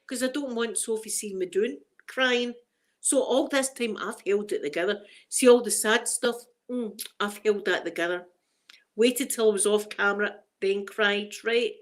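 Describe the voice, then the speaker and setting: A middle-aged Scottish woman chatting casually on a live stream, emotional and quick to laugh, greeting viewers by name. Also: a little high. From Scotland.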